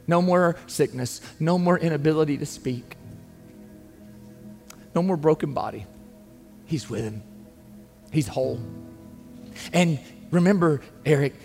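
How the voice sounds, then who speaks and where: A man preaches as a pastor, earnest and emphatic as he pleads with his listeners, his voice slightly high with a darkish tone. Long reverb fills the recording, with faint music beneath.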